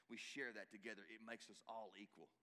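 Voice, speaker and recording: A middle-aged male pastor, preaching a sermon emphatically, swinging from loud exhortation to hushed asides. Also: fairly low pitch, steady tone, brisk. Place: church hall. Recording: reverberant church hall.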